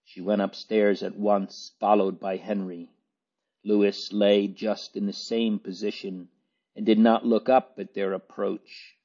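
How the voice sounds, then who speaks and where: A man reading a novel aloud as an audiobook narrator, in a measured, even storytelling manner. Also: on the low side. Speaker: audiobook reader. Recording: dull lo-fi recording.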